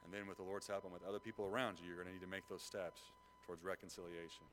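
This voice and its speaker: A man preaching a sermon, retelling a Bible story with lively acted-out voices. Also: low-pitched, very fast, a little hiss or hum, poor audio. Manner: animated storytelling, acts out the voices of biblical figures. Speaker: pastor.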